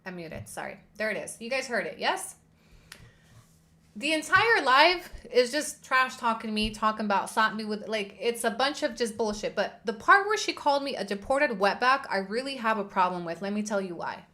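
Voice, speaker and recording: A woman's voice: on the high side, sing-song, moderate pace, sharp tone. A woman hosting a livestream commentary, indignant and heated, swearing and repeating her points for emphasis. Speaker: host.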